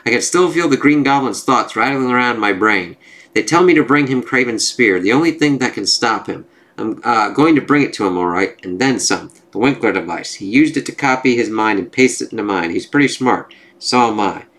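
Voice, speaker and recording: A man's voice: mid-range voice, expressive, brisk, fairly bright tone, rough recording. A man voicing a young male hero who talks through a tense inner monologue. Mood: strained. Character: young male hero fighting a villain's voice in his head.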